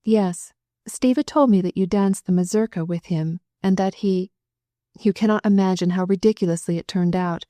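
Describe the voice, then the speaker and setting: A woman's voice: mid-range voice, moderate pace, warm tone, dry recording, natural voice. A woman voicing a tearful, confiding young noblewoman. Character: young noblewoman, emotional, quick to blush.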